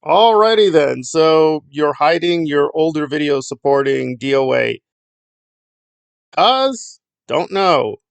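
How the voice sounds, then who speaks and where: A man's voice: on the high side, a little slow, vocal fry, hardly any pauses, no echo. A middle-aged man giving blunt, sarcastic commentary in a rambling vlog. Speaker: YouTube commentator.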